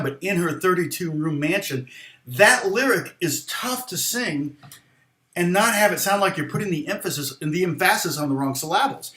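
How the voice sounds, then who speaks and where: A man talks through a songwriting lesson in a slightly high voice, rambling and restarting his sentences. He sometimes softly sings a lyric line to show his point. The sound is roomy and echoey. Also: expressive. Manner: rambling, halting, many restarts and fillers. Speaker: guitar teacher. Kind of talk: casual livestream lesson.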